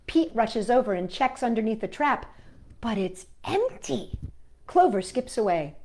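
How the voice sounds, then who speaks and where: A woman reading a picture book aloud to young children, gentle and animated, and she adds sound effects as she goes. Her voice is high and swoops up and down a lot. She takes her time over every line. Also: measured pace. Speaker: children's storyteller.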